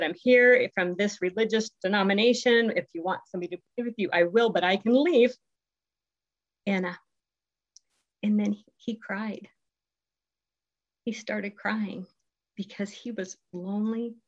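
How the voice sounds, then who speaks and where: Heartfelt middle-aged woman sharing her story. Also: mid-range voice. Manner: heartfelt, conversational, many ums and pauses. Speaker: speaker at a recovery group meeting. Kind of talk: personal testimony share. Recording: dull lo-fi recording.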